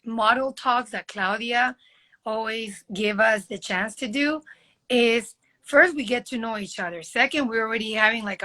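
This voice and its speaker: A woman's voice: on the high side, bright, forceful tone. A woman in her thirties chatting casually and rambling on a live video call about modeling. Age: 30s. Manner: chatty, rambling, talks directly to the host. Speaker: model and guest.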